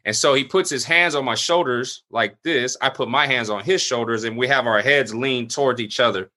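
Animated bright-voiced male pastor storyteller. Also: normal speed. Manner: animated, acts out quoted voices at higher pitch; conversational with frequent fillers. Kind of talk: casual storytelling in an interview.

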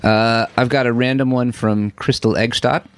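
A man co-hosting a podcast, playful and quick with jokes in casual chat. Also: medium pitch, steady tone, smooth. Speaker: podcast co-host. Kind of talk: casual chat among friends.

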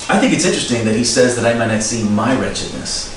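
A middle-aged man preaching a sermon in a relaxed, conversational way, reading scripture and adding chuckling asides. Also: medium pitch, fast talker, hardly any pauses. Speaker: pastor. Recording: very echoey room, distant mic, faint noise.

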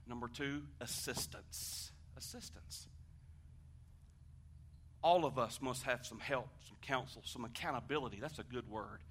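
A man preaching a sermon, conversational and animated, asking the congregation questions and swinging from hushed talk to shouting. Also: mid-range voice, a little fast, hardly any pauses, a little hiss or hum. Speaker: pastor.

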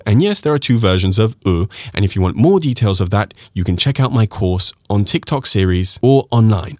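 Male podcast teacher; low, animated delivery, methodical and encouraging, dry close recording. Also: no echo. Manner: methodical, encouraging, demonstrates sounds slowly. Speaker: French pronunciation teacher. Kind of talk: podcast lesson.

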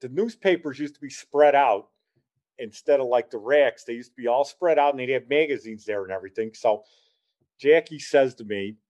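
A man's voice: medium pitch, moderate pace, a little mellow. A man, rambling through a casual spoken memory and repeating himself. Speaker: storyteller. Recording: dull lo-fi recording.

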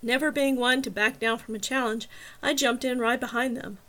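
A woman narrating a story in the first person, steady and even. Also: a little high, normal speed. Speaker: audiobook narrator.

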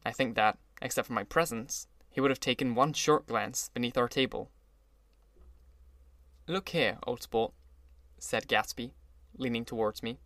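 A man narrating an audiobook in a measured storytelling voice. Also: medium pitch, steady tone, fairly bright tone, dry recording. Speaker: audiobook reader. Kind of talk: scripted narration.

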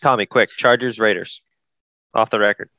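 A man hosting a casual sports podcast, brisk and steering the talk. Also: on the low side, fairly even intonation, vocal fry, pushed and bright, no echo, highs cut off. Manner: brisk, steers the show, laughs often. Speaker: podcast host. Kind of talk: casual chat.

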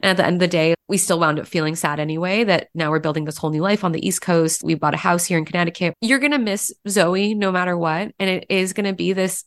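A woman's voice: fairly low pitch, steady tone, fast, few pauses. A woman podcast host coaching her guest through a conversation, reassuring, and she laughs often.

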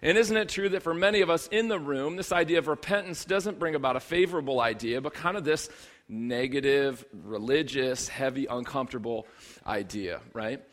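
A man's voice: medium pitch, normal speed. A man in his thirties, a pastor preaching a sermon in a conversational, humorous way, building to emphatic bursts.

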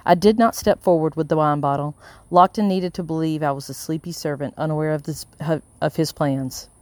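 An audiobook narrator reading a first-person story in a steady, measured way. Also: medium pitch, no echo.

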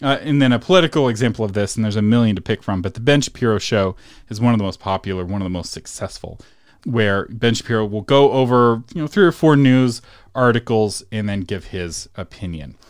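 A man's voice: lowish voice, fairly quick, no echo, clean studio sound. A man hosting a solo instructional podcast, talking casually and chatting with small laughs between points. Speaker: podcast host.

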